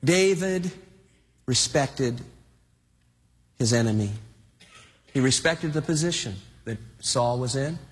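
A man preaching a sermon, telling a story with animated energy and urging his listeners to wake up. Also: medium pitch, slow, pauses often. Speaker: pastor. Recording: long hall reverb.

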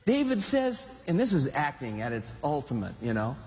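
A male pastor preaching a sermon in an animated, conversational style with dramatic swings. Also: on the high side, normal speed. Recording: long hall reverb.

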